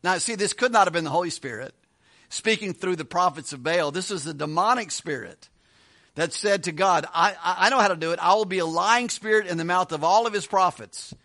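A man teaching a Bible study as a pastor, retelling scripture with quick voiced asides and chuckles. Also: sits high, fairly bright tone.

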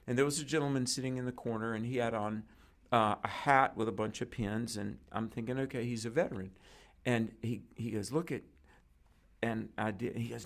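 A man's voice: mid-range voice, brisk. A man, a preacher, telling a story in conversation and acting out the lines of the people in it. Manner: animated storyteller acting out quoted dialogue. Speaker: guest preacher.

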